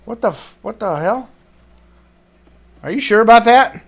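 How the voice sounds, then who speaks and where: A man's voice: sits high, lively intonation, a little slow, gravelly, a little hiss or hum. A man commentating his own online shooter match, talking to himself and swearing in frustrated outbursts. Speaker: gaming commentator. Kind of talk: live gameplay commentary.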